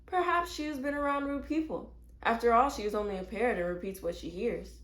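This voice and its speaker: A woman's voice: a little high, a little fast, fairly bright tone, pitched above the performer's own voice, lightly acted. A woman voicing a worried, polite mother in a read-aloud storybook. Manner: fretful, polite. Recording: roomy echo.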